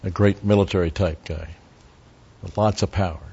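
A low-pitched man delivers a verse-by-verse sermon in an easy, conversational way. He drifts into Hebrew word studies and drops wry asides to his listeners. The recording is muffled and lo-fi. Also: steady tone, moderate pace, creaky, dark tone, slightly rough. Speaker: Bible teacher.

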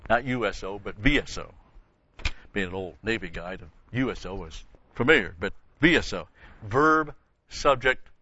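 A man's voice: fairly low pitch, a bit bright, no echo. Older male Bible teacher, emphatic sermon delivery, dry close sound, muffled lo-fi recording. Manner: emphatic, stresses key words, repeats phrases. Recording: dull lo-fi sound.

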